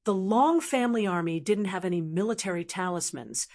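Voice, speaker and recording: Woman audiobook narrator, steady even delivery, mid-pitched. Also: brisk. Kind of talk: scripted narration.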